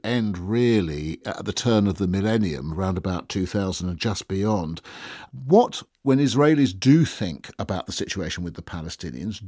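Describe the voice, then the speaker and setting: A male interviewer with a fairly low voice asks probing questions and sums up what he has heard. The recording is dry and close. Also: a little mellow, no room sound. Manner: probing, summarizing follow-up questions.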